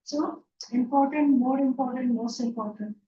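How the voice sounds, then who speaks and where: A woman with a high, dark-toned voice delivers an online English grammar class from a room at a moderate pace, with a little hiss or hum in the background. She patiently checks whether students follow, often saying "yeah?" and "right?", in roomy, distant, dull lecture audio.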